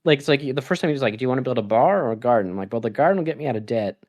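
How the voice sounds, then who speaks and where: A man's voice: medium pitch, expressive, rapid-fire, darkish tone, highs cut off. Rambling laughing male podcast host. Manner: rambling, laughs often, acts out his own reactions. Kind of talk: casual gaming chat.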